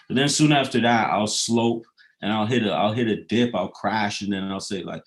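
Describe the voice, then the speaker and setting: A man's voice: fairly low pitch, normal speed. A man who raps talks in a casual, rambling monologue. He swears freely and drifts between loose jokes and philosophical musings, with plenty of fillers along the way. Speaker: rapper.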